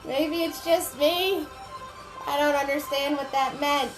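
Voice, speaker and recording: Woman, painting class host, live-stream chat, slow unhurried talk, faint music underneath. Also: high voice, fairly even intonation, low-quality recording. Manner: chatty, greets viewers by name. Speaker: paint party instructor.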